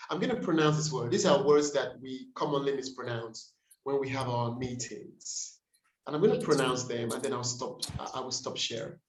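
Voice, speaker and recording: A man leading a pronunciation workshop on a video call, saying each word slowly and repeating it to model the stress. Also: medium pitch, roomy sound, poor audio. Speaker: workshop facilitator. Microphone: computer mic on a video call.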